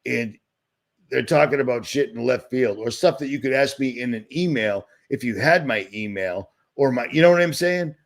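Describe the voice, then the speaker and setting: A man from Boston rants on his livestream, sarcastic and easily agitated, circling back on himself as he goes. His voice has a gravelly, fry-edged texture. He sits at a middle pitch for a man and talks into a computer mic. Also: moderate pace. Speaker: livestream host. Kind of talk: ranting livestream commentary.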